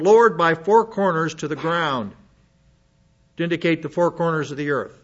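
A man's voice: a little high, normal speed, a bit bright, lo-fi sound. A man preaching a Bible lesson, reading passages and breaking off into conversational asides to his listeners. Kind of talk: Bible teaching sermon.

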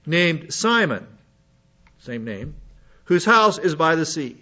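A high-voiced man teaches a congregation from scripture. He reads a passage, then slips into chatty asides and questions to the room. The recording sounds dull and muffled. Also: very animated, slow pace, long pauses, pushed and bright. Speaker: preacher. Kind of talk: Bible teaching sermon.

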